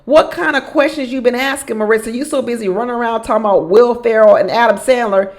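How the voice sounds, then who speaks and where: A woman with a fairly high voice recaps a reality show in a loose, casual way. She says her favourite lines twice for emphasis and breaks into laughter often. She talks straight to the people on the show as if they could hear her. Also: fast talker. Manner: animated, repeats phrases for emphasis, laughs often. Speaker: reality show commentator and relationship coach.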